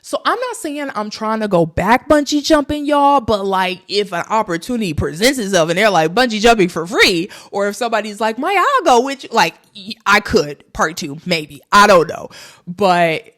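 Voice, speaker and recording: A woman's voice: mid-range voice, moderate pace. A young woman vlogging, telling a travel story casually and animatedly to her viewers. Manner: animated, addresses viewers as y'all.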